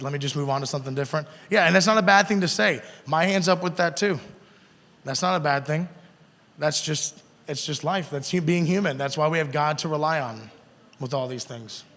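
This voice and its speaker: A man's voice: a little high, fairly bright tone. A man preaching a casual sermon to a youth group, talking conversationally and asking the kids questions. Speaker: youth pastor. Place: youth room. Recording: long hall reverb.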